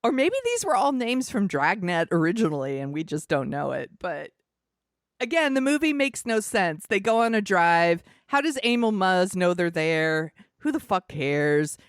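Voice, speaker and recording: A woman's voice: fairly low pitch, sing-song, moderate pace, no room sound, clean studio sound. A woman co-hosting a podcast, chatting casually about a movie, rambling and swearing with lots of fillers and laughs. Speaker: podcast co-host.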